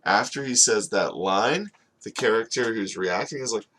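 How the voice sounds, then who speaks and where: A man teaching storyboarding in a casual screen-recorded tutorial, talking in a relaxed, conversational way and often checking in with "okay?". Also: lowish voice, normal speed, a little hiss or hum. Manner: relaxed and conversational, with frequent fillers. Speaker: animation storyboard instructor.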